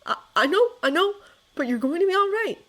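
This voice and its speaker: A woman's voice: extremely high pitch, sing-song, brisk, fairly bright tone, voice pushed up, exaggerated voice. A woman reading a fan story, voicing a young male winter spirit who speaks in an urgent, coaxing and nervous way.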